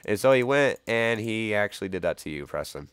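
A man getting over a cold, chatting casually while playing a game and telling animated stories with lots of laughing. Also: fairly low pitch, brisk, clear, resonant tone, dry recording. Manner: animated storyteller, laughs often. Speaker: gamer. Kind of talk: casual gameplay chat.

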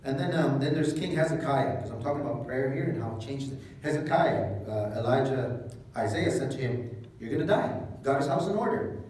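A man preaching a sermon as pastor, retelling scripture in a casual, joking way with animated asides. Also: mid-range voice, fairly quick, a little hiss or hum. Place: church hall. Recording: echoey hall, mic at a distance.

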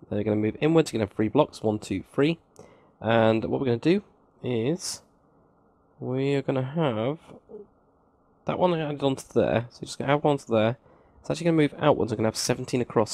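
A man's voice: medium pitch, darkish tone, dry recording. A man hosting a casual building tutorial, counting blocks aloud with chatty, self-mocking asides. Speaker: game tutorial host.

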